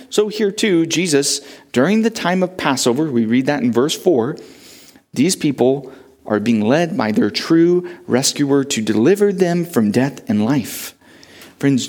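Man, pastor, sermon, fairly high voice, rhetorical questions, swinging pitch.

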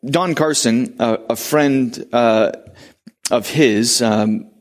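A male pastor preaching a sermon, telling a story with pauses and restarts, then rising to urgent questions for the congregation. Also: mid-range voice. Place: church.

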